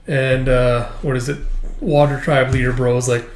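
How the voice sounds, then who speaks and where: A man's voice: medium pitch, steady tone, unhurried, roomy sound. A man casually recapping a comic volume, rambling with fillers and asides. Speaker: manga reviewer.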